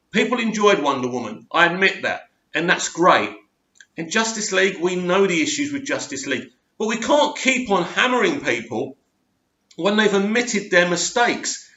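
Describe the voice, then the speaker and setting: A man with a fairly high, bright, forceful voice, ranting his opinions in a rambling, emphatic style. He sounds like a small home channel recorded in a roomy, echoey space, with dull, lo-fi sound. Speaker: YouTube channel host. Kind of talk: casual opinion vlog.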